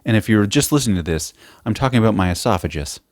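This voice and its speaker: A young man hosts a solo podcast, swearing his way through loose, self-mocking rambles. His pitch swings widely as he talks. The recording is dry and close, with no room sound. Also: lively intonation, fast talker, darkish tone, no room sound. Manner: sweary, self-mocking, jumps between topics. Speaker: podcast host.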